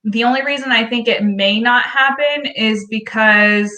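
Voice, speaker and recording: A woman's voice: on the high side, normal speed, bright, forceful tone, roomy sound, low-quality recording. A woman who is a guest on a live stream, speaking bluntly and outspokenly over a remote call. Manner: blunt, outspoken, dismissive of critics. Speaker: guest creator. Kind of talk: casual live-stream chat. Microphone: remote call audio.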